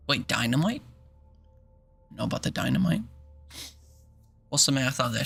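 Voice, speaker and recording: A man's voice: mid-range voice, creaky, pushed and bright. A man streaming games and chatting casually with his viewers, rambling and joking and making little mouth sound effects. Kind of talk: casual live-stream chat.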